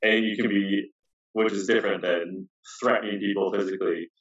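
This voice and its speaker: A man co-hosting a casual podcast chat, relaxed and full of fillers, chuckling at the lines he retells. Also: lowish voice, fairly quick. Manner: relaxed, filler-heavy, chuckles at his own quotes. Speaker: podcast co-host. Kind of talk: casual chat recapping a reality show. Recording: distant roomy dull sound.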